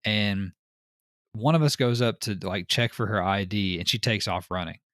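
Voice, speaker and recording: A man hosting a podcast, telling stories in casual chat with an animated, rambling manner. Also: fairly low pitch, moderate pace, dry recording, studio quality. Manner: animated storyteller, frequent fillers. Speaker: podcast host.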